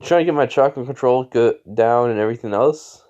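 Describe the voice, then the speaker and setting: A man's voice: medium pitch, a little fast, dark tone, highs cut off, lightly acted. A man voicing a brash, cocky young male ninja in a homemade fan story, talking casually and boastfully.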